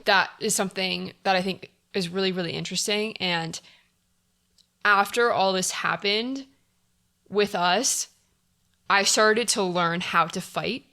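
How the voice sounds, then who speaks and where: A young adult woman co-hosting a casual podcast chat, chatty and quick to apologize for cutting in. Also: mid-range voice, bright, forceful tone.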